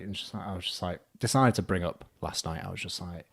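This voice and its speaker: A man's voice: deep voice, lively intonation, fast talker, creaky, few pauses, breathy edge. A young man telling a funny dating story in casual chat, acting out the quotes and laughing often. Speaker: podcast guest.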